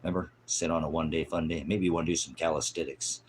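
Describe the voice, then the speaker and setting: A man preaching an improvised, fiery sermon in a mocking, scolding manner, swinging from loud outbursts to low mutters. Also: fairly even intonation, quick pace, slight background noise.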